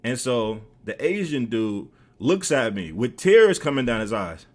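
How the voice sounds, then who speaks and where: Animated male streamer telling a story. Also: fairly low pitch, moderate pace. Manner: animated, profane, many fillers. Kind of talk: casual storytelling.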